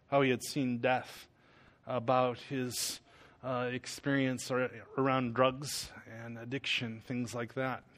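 Male pastor, mid-pitched, conversational sermon storytelling, earnest. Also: a bit bright.

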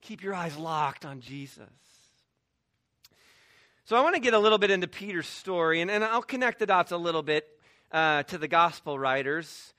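A man's voice: on the high side, expressive, moderate pace, bright, forceful tone, no room sound, clean studio sound. A man preaching a sermon as pastor, emphatic, with restarts and quoted asides.

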